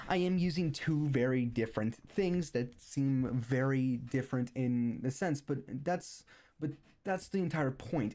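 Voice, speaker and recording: A man's voice: medium pitch, mellow. A young man streaming a rambling, sarcastic rant that is full of restarts and repeated words.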